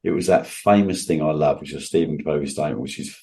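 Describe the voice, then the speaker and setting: An entrepreneur appearing as an interview guest speaks earnestly and emphatically in a low voice with a dark, mellow tone. His intonation is fairly even and his pace quick, and he often restarts sentences as he pushes his point.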